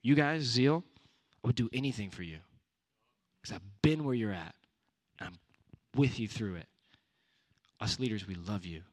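A man's voice: fairly low pitch, expressive, normal speed, long pauses. A young man giving a casual youth sermon, conversational with punchy repeated exhortations. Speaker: youth speaker.

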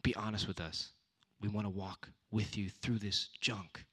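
A man's voice: on the low side, steady tone, unhurried, a bit bright, breathy edge. A young man giving a casual youth sermon, conversational with punchy repeated exhortations. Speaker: youth speaker.

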